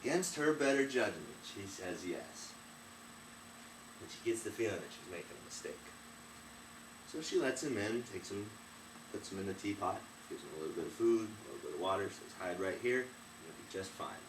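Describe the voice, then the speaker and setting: A young man in his twenties retells a fairy tale in a chatty, animated way. His voice sits on the low side. The recording is roomy and a little distant from the mic, with faint ambience behind. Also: moderate pace, noisy background. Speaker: storyteller. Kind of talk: casual story retelling.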